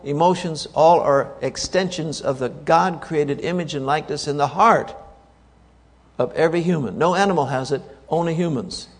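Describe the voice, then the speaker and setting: A man's voice: on the high side, big-room sound. A man preaching a sermon to a congregation, emphatic, repeating key words and asking the audience rhetorical questions.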